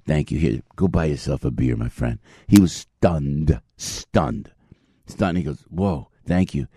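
A man's voice: very deep voice, animated, unhurried, dark tone, husky, no room sound, studio quality. A middle-aged man hosting a morning radio show, telling stories in a chatty way and laughing often. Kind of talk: casual morning radio chat.

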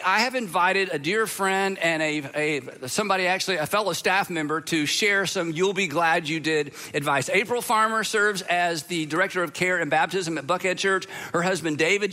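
Male pastor, conversational sermon delivery, bright and high-pitched. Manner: conversational, with fillers.

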